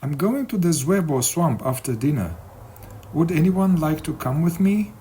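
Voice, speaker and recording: A man voicing a willful, teasing young woman in a lively sing-song tone. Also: mid-range voice, a little slow, slight background noise. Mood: playful.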